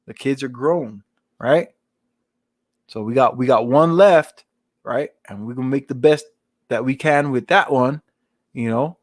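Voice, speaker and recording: A man's voice: medium pitch, unhurried, long pauses, dry recording, studio quality. Chatty man with street slang. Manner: street slang, frequent "you know what I'm saying". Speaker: channel host. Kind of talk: casual rambling advice talk.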